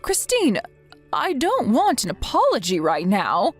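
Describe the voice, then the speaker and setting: A woman's voice: fairly high pitch, huge pitch swings, unhurried, heavily acted. A woman voicing a stern, protective older grandmother who reads out text messages in a firm, reproachful way. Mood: worried. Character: stern, protective grandmother scolding her son. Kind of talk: text-message story read aloud. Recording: soft music behind the voice.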